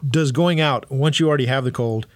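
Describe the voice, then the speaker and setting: A man's voice: mid-range voice, brisk, no room sound. A man hosting a health talk show, affable and jokey, backing his guest with frequent "yeah" and "right.". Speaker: radio talk show host. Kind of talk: casual talk show chat.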